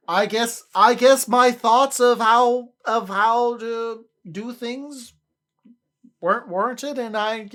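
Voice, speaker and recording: A livestreamer in casual chat with viewers, rambling, often repeating and restarting words, and laughing easily. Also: medium pitch.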